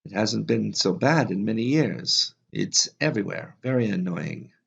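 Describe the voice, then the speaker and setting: A man's voice: lowish voice, expressive, moderate pace, vocal fry, husky, heavily acted. A man voicing a tall young Dutch waiter who speaks with a Dutch accent in a showy, theatrical way. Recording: slightly dull lo-fi audio.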